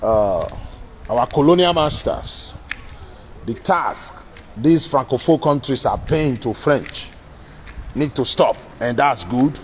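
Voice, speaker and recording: Man, Nigerian accent, blunt political monologue, repeats himself, mid pitch, faint background hiss. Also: animated, slow, pauses often, rough recording. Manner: blunt, repetitive, addressing the president directly. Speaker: political commentator. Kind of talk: direct-address political monologue.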